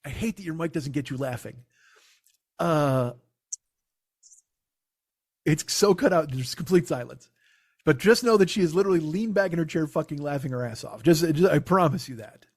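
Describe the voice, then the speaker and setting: A man's voice: a little high, lively intonation, normal speed, pauses often. A middle-aged man hosting a comedy podcast, telling a rambling, profane anecdote in casual chat.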